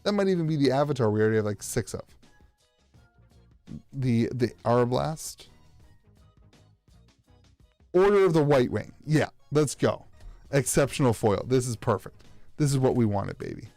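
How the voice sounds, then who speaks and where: A man's voice: mid-range voice, animated, normal speed, a little mellow, no room sound, faint music behind. An American man streaming live as he opens card packs, rambling with sarcastic, self-mocking banter.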